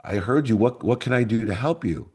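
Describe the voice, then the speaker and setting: A man's voice: mid-range voice, lively intonation, a little fast, darkish tone, husky, voice pushed up. A man voicing his older mother as she anxiously and caringly asks after her son. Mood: reassuring. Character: worried, loving older mother.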